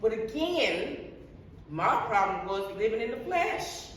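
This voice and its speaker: A woman's voice: fairly high pitch, very animated, a little slow. A middle-aged woman giving an earnest personal testimony, telling her story with repeated words and frequent restarts. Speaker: guest sharing life story. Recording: echoey hall, distant mic, faint noise.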